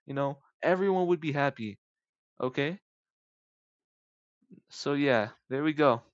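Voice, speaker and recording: A man's voice: expressive, unhurried, no echo. Rambling young man on a dull mic. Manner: rambling, jumps into high-pitched voices for imagined people. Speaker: YouTuber. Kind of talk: rambling casual monologue.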